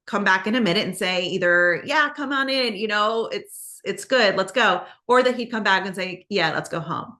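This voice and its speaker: Woman host, bright tone, casual true-crime retelling, chatty with fillers. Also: mid-range voice. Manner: conversational, many fillers, acts out quoted lines. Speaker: podcast host.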